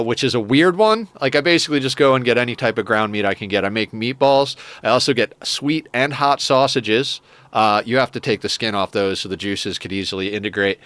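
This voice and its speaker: A man's voice: mid-range voice, a bit bright, clean tone, no echo. A young adult man streaming a game, chatting casually and rambling with lots of swearing and enthusiasm. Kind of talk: casual chat while playing a game.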